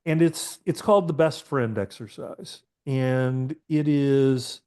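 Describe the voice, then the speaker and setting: A middle-aged man talks at a mid pitch, loose and conversational. He is a therapist on a podcast who swears freely and often circles back and restarts his sentences as he tells a story. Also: takes it slowly, a little mellow, smooth. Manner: profane, candid, rambling with restarts. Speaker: therapist guest.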